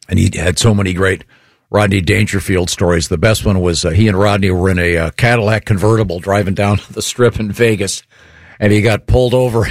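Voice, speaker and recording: Low-voiced male talk show host. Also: dry recording, clean studio sound. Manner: rambling, laughs often. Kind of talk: casual talk show chat.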